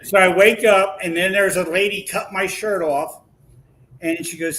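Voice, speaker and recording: A man with a bright, slightly higher voice tells his story in a lively, animated way, slipping into the voices of the people he quotes. His speech is casual and full of restarts, and a faint hum sits behind him. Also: normal speed, poor audio. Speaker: podcast guest.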